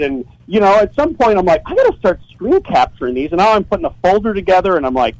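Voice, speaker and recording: A man's voice: sits high, sing-song, fast, hardly any pauses, no room sound, low-quality recording. A man telling a story as a guest on a podcast, casual and profane, often stumbling and repeating words as he starts a sentence.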